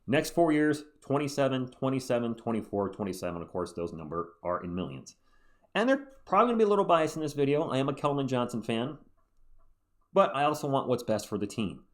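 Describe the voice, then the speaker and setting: A man hosting a sports channel, talking through basketball opinions in a chatty, animated way with quick asides. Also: mid-range voice. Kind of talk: solo sports commentary video.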